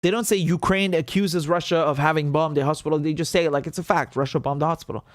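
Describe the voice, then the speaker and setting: A man's voice: on the high side, fairly even intonation, fast talker, dry recording, clean studio sound. A man hosting a live political commentary show, talking in an indignant, sarcastic way and swearing freely.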